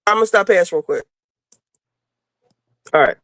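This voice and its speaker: A woman's voice: mid-range voice, sing-song, unhurried, dry recording. A woman co-hosting a chat show, telling a rambling story casually with lots of fillers and swearing, on a clip-on microphone. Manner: rambling, profane, full of fillers. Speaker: podcast co-host. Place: moving around indoors, then heading out.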